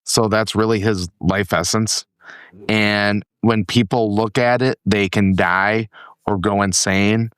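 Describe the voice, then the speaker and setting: A man's voice: on the low side, a bit bright, clear, resonant tone, dry recording. A man co-hosting a casual podcast chat, talking bluntly and emphatically, fired up and swearing freely. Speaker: podcast co-host.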